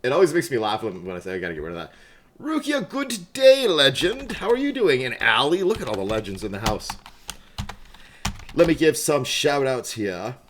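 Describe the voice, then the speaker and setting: A man's voice: mid-range voice, very animated, moderate pace. A man chatting casually on a game livestream, laughing often, greeting viewers by name, wired on coffee, with keyboard clicks behind. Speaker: livestream gamer.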